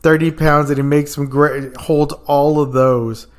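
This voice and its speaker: Animated man telling stories with laughs. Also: a little high, a little slow. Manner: animated storyteller, laughs often, acts out quotes loudly. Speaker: podcast guest. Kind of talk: casual storytelling chat.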